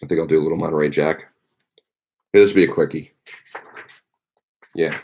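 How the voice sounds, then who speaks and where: A man's voice: rumbling low, fairly even intonation, brisk, vocal fry, pauses often, a little mellow. A man, a teacher, chatting casually on a livestream, rambling with lots of ums and you-knows.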